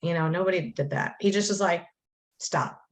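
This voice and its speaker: A woman's voice: on the low side, fast. Talkative woman on a video call. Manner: talkative, animated, quotes herself and others. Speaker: coaching student sharing her story. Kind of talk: emotional, chatty testimonial.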